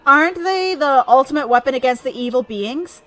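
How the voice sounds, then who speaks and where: Woman voicing a breathy earnest warrior priestess, urgent, video game dialogue, faint music behind. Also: sits high, lively intonation, brisk, a bit bright.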